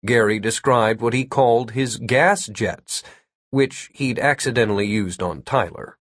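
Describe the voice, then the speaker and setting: A man narrating a comic fantasy story in an even, measured storytelling manner. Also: medium pitch, no room sound, studio quality. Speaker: audiobook narrator.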